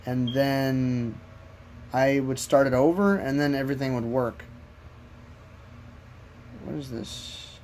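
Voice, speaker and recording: A man's voice: medium pitch, unhurried, a little mellow, slight background noise. A man streaming from his phone, talking to himself and to chat while he tries to work out the app's settings. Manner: frustrated, muttering while fiddling with phone settings. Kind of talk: casual live-stream chat.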